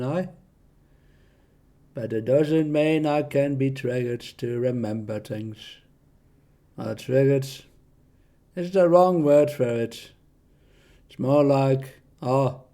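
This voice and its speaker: A man voicing a big, strong, dim-witted brute who ends his lines with a loud "eh?". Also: mid-range voice, pitched below the performer's own voice.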